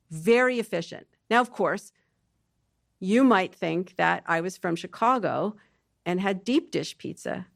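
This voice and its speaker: A woman scientist guest explaining how emotions work in a relaxed podcast conversation, thinking aloud with restarts and playful asides. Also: medium pitch, gravelly, no room sound, studio quality.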